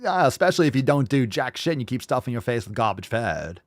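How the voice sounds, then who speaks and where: A man's voice: mid-range voice, very animated, fast. A man hosting a podcast, reacting to video clips with mocking, profane commentary. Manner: sarcastic, mocking, swears a lot. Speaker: podcast host.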